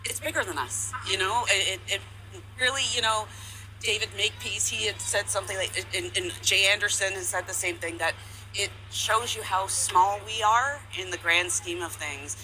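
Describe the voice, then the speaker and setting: A woman guest in a live broadcast interview, emotional and halting as she talks. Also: mid-range voice, bright, forceful tone, a little hiss or hum, low-quality recording. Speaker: guest, eclipse chaser.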